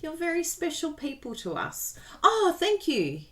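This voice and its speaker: A woman's voice: very high-pitched, huge pitch swings, a little slow. Bubbly Australian woman hosting a craft stream. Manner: bubbly, exclamatory, talks straight to viewers. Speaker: host of a live card-making stream. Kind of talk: chatty live crafting tutorial. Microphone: plugged-in microphone at a desk.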